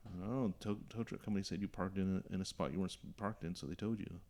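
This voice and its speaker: A man's voice: low voice, rapid-fire, mellow. A young man hosting a podcast, telling a story casually and acting out the voices of the people in it. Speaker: podcast host.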